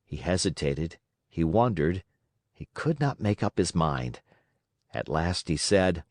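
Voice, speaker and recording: A man narrating a classic children's story for English learners, reading in an expressive, lively way. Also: low-pitched, takes it slowly, dry recording.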